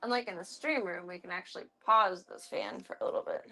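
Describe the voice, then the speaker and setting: A woman's voice: on the low side, a little fast, few pauses, sharp tone, faint music behind. A woman streamer chatting casually at home, fussing over her pet in doting, playful baby talk and laughing often.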